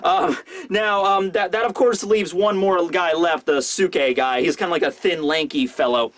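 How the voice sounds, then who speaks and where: A man giving casual commentary as a manga reviewer. He talks excitably and rambles, with lots of fillers. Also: high-pitched, moderate pace.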